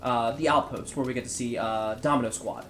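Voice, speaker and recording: Sick male co-host, rambly casual game chat, mid pitch, light noise. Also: steady tone, fairly quick. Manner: rambling, many ums and restarts. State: sick and sweating. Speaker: co-host of a gameplay channel. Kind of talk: casual let's-play chat.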